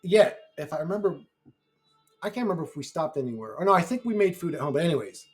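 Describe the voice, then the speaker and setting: A man's voice: a little high, lively intonation, quick pace, faint music behind. A man telling a rambling personal story to camera in a brash, profane way. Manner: brash, heavy swearing, rambling. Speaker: YouTuber. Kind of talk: casual storytelling.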